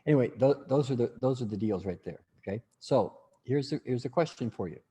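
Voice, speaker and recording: A man's voice: mid-range voice, lively intonation, a little fast, mellow, slightly rough, long reverb tail. A man teaching a class in a casual, rambling way, full of restarts and asides.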